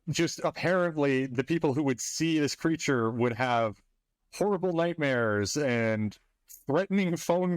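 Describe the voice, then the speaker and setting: A man co-hosting a laid-back podcast conversation. His voice sits at an ordinary middle pitch, and the recording is dry and close with no room around it. He talks through researched accounts in a plain, matter-of-fact manner. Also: no room sound. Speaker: podcast co-host. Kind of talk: casual podcast chat.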